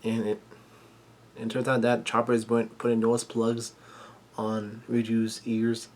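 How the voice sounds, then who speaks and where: A monotone man with a mid-range, darkish voice recaps a manga chapter over slight background noise. He's casual and halting, with frequent fillers and restarts, and swears bluntly when something catches him off guard.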